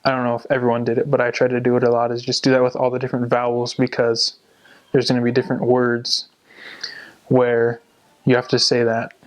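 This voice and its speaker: A young man casually explaining how to learn a language, speaking in a steady, explanatory way. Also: medium pitch, brisk. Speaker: returned missionary giving language tips. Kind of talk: casual advice monologue.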